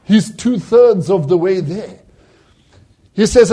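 A man's voice: sits high, expressive, slow pace, long pauses, mellow, breathy edge. A man preaching a sermon, retelling a vision and acting out the voices in it with rising emphasis.

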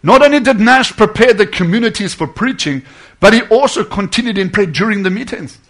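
Fervent high-voiced preacher man. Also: expressive, brisk. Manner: fervent, swinging from loud to hushed. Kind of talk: sermon.

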